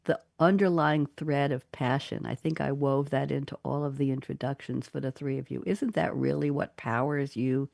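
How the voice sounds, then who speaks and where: A woman hosting a business talk radio show, animated and expressive as she reads out quotes. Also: rumbling low, moderate pace, vocal fry, hardly any pauses, no echo, studio quality. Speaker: host.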